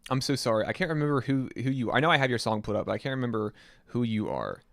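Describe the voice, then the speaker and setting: A young man streaming live, reacting to listener-submitted songs and chatting with his viewers in a casual, excitable way that includes swearing. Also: mid-range voice, fast talker, gravelly, noisy background. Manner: enthusiastic, chatty, swears casually, reads chat aloud. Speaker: streamer reviewing submitted music.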